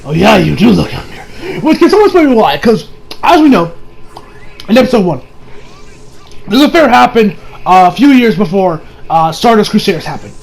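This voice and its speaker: High-voiced rambling male anime reviewer. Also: moderate pace, pauses often, slight background noise, low-quality recording. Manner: rambling, animated, lots of fillers and incredulous asides. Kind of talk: casual episode recap and commentary.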